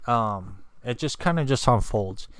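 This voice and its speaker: On his own channel's livestream, a man with an animated, mid-range voice that's a bit bright talks a little slowly. His casual spiritual chat wanders, packed with fillers and restarts, and he has candy in his mouth.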